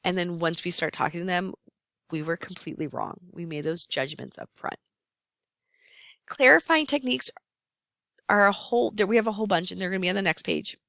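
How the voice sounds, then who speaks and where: A woman lecturing nursing students, explaining terms and often pausing on "um". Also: fairly low pitch, vocal fry, fairly bright tone, dry recording, studio quality. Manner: explanatory, repeats key terms, frequent "um". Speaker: nursing instructor. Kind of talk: recorded lecture.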